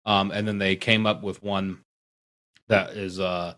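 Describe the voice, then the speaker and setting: Chatty man with a low voice. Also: measured pace. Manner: rambling, animated, mocking impressions. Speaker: podcast guest; tattoo artist. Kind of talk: casual podcast chat.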